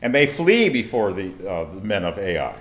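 A man's voice: on the low side, very animated, moderate pace. A man giving a conversational sermon, reading scripture and asking his listeners rhetorical questions. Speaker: Bible teacher.

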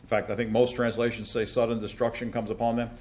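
A man teaching a Bible class, talking with many fillers and restarts and slowing down to stress key words. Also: mid-range voice, level tone, darkish tone.

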